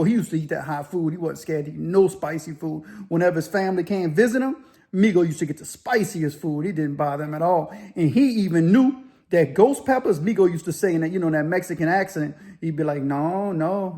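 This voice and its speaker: A man telling a story casually, loosely and with animated sound effects. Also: fairly high pitch, fast talker. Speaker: storyteller, former inmate.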